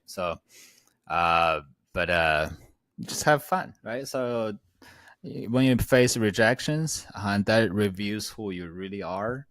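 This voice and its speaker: Guest: man, Chinese accent, lowish voice, dry close sound, upbeat with frequent laughs and fillers. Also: animated, slow pace, fairly bright tone, no room sound. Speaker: guest, land investor. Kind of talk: casual interview chat. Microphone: plugged-in setup.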